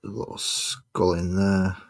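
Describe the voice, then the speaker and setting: A man's voice: low voice, completely flat delivery, takes it slowly, creaky. A man streaming his miniature painting, chatting casually and muttering sarcastic asides to himself as he works. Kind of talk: casual chat while painting.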